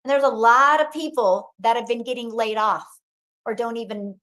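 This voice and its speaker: An upbeat woman hosts a live online training, encouraging her listeners with a bright, fairly high voice. She speaks in a steady presenter's manner. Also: moderate pace. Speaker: host and program coach. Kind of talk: live webinar hosting.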